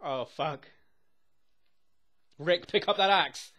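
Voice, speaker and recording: A young man reacting to a TV episode as he watches. He talks excitedly, swears constantly and often laughs. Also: on the high side, slow. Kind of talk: live reaction commentary.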